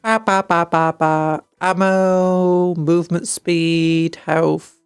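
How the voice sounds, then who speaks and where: A woman's voice: lowish voice, fairly even intonation, slow pace, clear, resonant tone, no room sound, studio quality, soft background music. A British woman streaming a game, reading upgrades aloud and making jokey asides. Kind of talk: casual gameplay chat.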